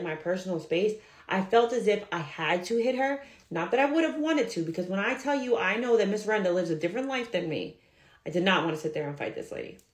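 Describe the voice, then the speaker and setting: A woman's voice: medium pitch, roomy sound, poor audio. A woman who works as an at-home nail tech, telling a story about a client and acting out what each person said. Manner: animated, acts out quoted dialogue.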